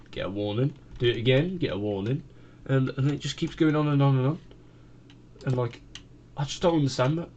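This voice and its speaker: A British man tells a story in a loose, chatty way, at an ordinary mid pitch. He rambles, restarts and leans on fillers as he goes. A faint hum of noise sits under his voice. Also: mellow. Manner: rambling, full of fillers and repeated "I kid you not". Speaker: gaming vlogger. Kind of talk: casual storytelling.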